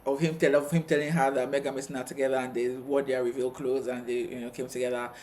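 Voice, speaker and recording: A man co-hosting a casual TV review chat, retelling scenes with quick asides. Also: medium pitch, little pitch movement, a little mellow, a little hiss or hum. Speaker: co-host of a TV review channel.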